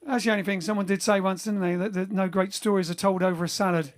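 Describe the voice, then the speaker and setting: This band livestream host speaks fast in a high voice with fairly even intonation. Broadcasting from home in lockdown, he reads viewer comments aloud and rambles casually, full of fillers and false starts.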